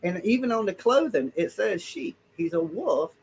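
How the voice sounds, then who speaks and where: Slangy high-voiced male call-in host. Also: expressive, moderate pace, slight background noise. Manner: blunt, slangy storytelling with swearing. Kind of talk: casual live call-in chat.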